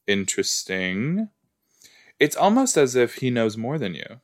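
A man's voice: medium pitch, big pitch swings, a little slow. A man hosting a podcast, chatting casually and reacting aloud to a show as he watches it, with rambling asides. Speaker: podcast host.

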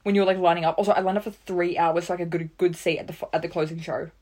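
A woman's voice: lowish voice, steady tone, racing, a little mellow. A young woman co-hosting a podcast, chatting casually and rambling with lots of fillers. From Australia. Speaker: podcast co-host. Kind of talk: casual chat.

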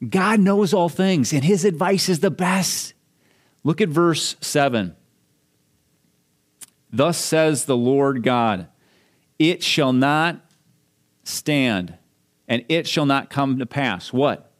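A man's voice: a little high, animated, a little slow. A man from Minnesota, a pastor giving a sermon, explaining scripture verse by verse in a conversational way.

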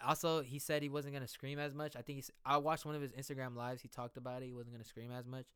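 A man reacting to a new song in a casual, excitable, slangy way, thinking out loud as he listens. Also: mid-range voice, fast talker, clear, resonant tone, no echo, studio quality. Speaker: music reaction vlogger. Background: music playing.

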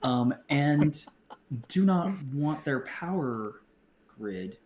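A man's voice: fairly high pitch, lively intonation. Blunt, swearing man in an echoey room. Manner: blunt, profane, halting with many restarts. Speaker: podcast co-host. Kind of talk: casual chat. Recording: roomy echo, faint background noise.

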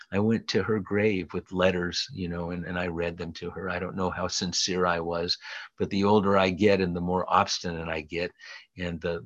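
A man's voice: deep voice, a bit bright, no echo. A man in his late sixties giving a rambling, hesitant personal share from the podium at a recovery meeting. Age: 60s. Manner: rambling and hesitant, many fillers. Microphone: podium mic. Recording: dull lo-fi dry recording.

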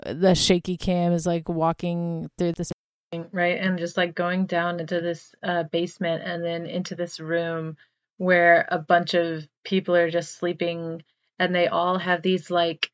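A woman's voice: on the low side, a little mellow, clear, resonant tone, no room sound, studio quality. Chatty young woman recapping a movie. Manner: chatty, lots of "like" and "um". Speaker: podcast host.

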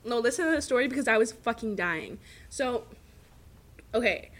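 A woman's voice: a little high, animated, moderate pace, fairly bright tone. A young woman co-hosting a podcast in casual chat, giggly and teasing, swearing freely. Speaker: podcast co-host.

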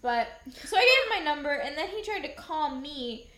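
A young woman with a high, bright voice tells a story to her co-host, animated and full of fillers. The room around her is echoey and hollow. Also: normal speed. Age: young adult. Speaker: podcast co-host. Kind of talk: casual storytelling chat.

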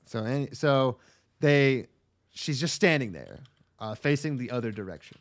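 A man co-hosts a podcast and recaps an anime in a loose, rambling way. His talk is crude and halting, full of ums and restarts. His pitch sits in an ordinary middle range. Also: expressive. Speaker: podcast co-host. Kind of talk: casual chat recapping an anime.

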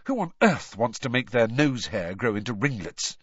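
A man's voice: mid-range voice, sing-song, normal speed, fairly bright tone, breathy edge, dry recording, dull audio. A man putting on a cross, studious teenage girl. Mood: explaining. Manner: cross, insistent.

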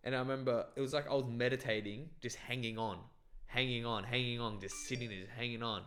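A man's voice: mid-range voice, steady tone, fast talker, a bit bright, soft background music. A young man from Bangladesh telling a long, rambling story in casual chat, swearing and filling with "like" and "bro". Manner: rambling, profane storytelling with many fillers.

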